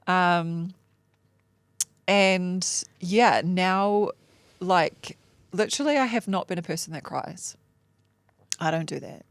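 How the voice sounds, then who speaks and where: A woman talks openly about herself in a podcast coaching chat, blunt and self-mocking, with casual swearing and frequent laughter. Her voice sits a little low and has a gravelly fry. The sound is close and dry. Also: slow pace, pauses often, no room sound. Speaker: coaching client, mom and entrepreneur. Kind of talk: candid podcast coaching conversation.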